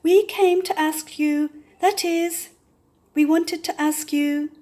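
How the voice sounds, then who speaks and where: A woman's voice: high-pitched, fairly even intonation, slow pace, a little mellow, voice pushed up. A woman voicing a hesitant, polite storybook character who stumbles over his words.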